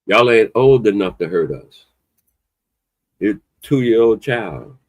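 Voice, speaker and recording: Black guy hosting a podcast chat, pitch jumping all over, dead dry sound. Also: slow pace, no echo. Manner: animated, emphatic, loose conversational delivery with a playful edge. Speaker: podcast host. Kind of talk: casual opinionated chat.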